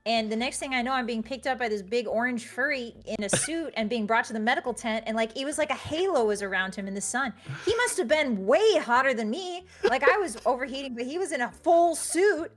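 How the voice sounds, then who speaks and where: A woman's voice: on the high side, expressive. A woman author being interviewed on a livestream, telling stories and playing goofy comedy bits. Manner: goofy, joking, quick with bits. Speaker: author guest.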